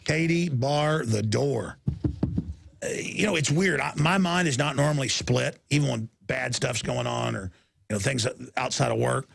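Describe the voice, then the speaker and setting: A man's voice: mid-range voice, moderate pace, creaky, a bit bright, breathy edge, dry recording. A tired man hosting a talk show, rambling and emphatic, repeating himself and cutting himself off. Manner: emphatic, repetitive, self-interrupting. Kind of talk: rambling political commentary.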